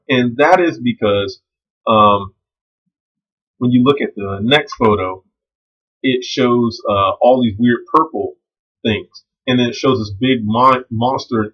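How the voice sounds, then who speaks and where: A man walks through a biology lab lesson in a laid-back, joking way, throwing in slang and filling pauses with ums. His voice sits a little low and sounds husky. The recording is dull and lo-fi. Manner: relaxed and jokey, with slang and frequent ums. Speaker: biology instructor. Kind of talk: casual recorded lecture.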